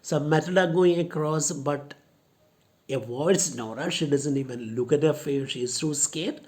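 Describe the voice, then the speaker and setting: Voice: mid-range voice, unhurried, darkish tone. A college teacher who reads a play aloud and paraphrases each line for the class. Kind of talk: explaining a play in an online class.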